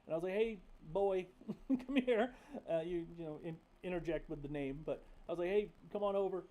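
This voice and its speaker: A young man hosts a casual livestream, talking candidly and swearing freely as he rambles through stories full of fillers. His voice sits high yet sounds mellow and warm. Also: quick pace. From North Carolina. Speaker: livestream host.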